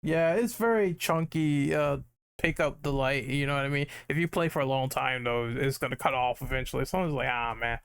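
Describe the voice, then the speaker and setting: A man's voice: mid-range voice, brisk, creaky, smooth, no room sound. A man hosting a casual gaming podcast, talking in an upbeat, rambling way with lots of fillers. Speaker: podcast host.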